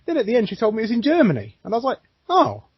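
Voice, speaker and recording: A man's voice: very high-pitched, very fast, slightly rough, no room sound, muffled recording. A man co-hosting a casual podcast, telling stories with plenty of swearing and frequent laughter. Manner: swears a lot, laughs often, lively storytelling. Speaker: podcast co-host.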